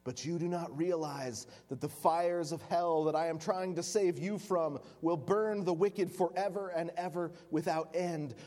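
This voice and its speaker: A preacher voicing an elderly male martyr who answers his accusers with calm, steady defiance. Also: a little high, measured pace, few pauses, voice pushed up, lightly acted. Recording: long hall reverb.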